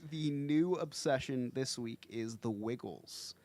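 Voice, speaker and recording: A man's voice: medium pitch, slow, darkish tone. A man co-hosting a casual podcast chat, joking and laughing often as he rambles with frequent restarts. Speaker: podcast co-host.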